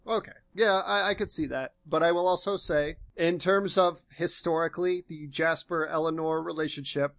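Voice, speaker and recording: A young man co-hosting a podcast, casually recapping a TV episode in a relaxed, meandering way. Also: a little high, normal speed, few pauses, no room sound. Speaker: podcast co-host.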